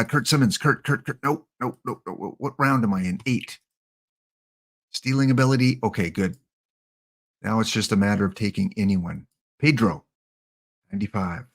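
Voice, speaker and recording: A man doing live-streamed commentary over a baseball sim, muttering to himself and talking to the players on screen as he picks them. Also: fairly low pitch.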